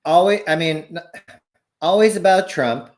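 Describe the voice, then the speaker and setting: Podcast co-host in his forties, relaxed news rundown, voice slightly high. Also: unhurried. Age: 40s. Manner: conversational, explaining news. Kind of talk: casual political chat.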